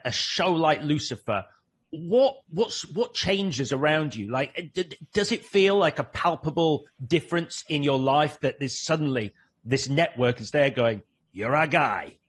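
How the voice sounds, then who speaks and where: Male interviewer, husky, fairly high voice, rambling questions. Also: lively intonation, unhurried. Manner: rambling, restarts his questions.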